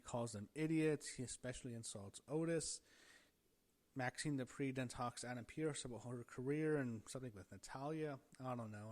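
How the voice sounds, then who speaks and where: A wrestling show reviewer gives casual recap commentary on an episode in a loose, offhand way, rambling and thinking aloud with fillers and restarted sentences. His voice sits at an average male pitch with a darkish tone.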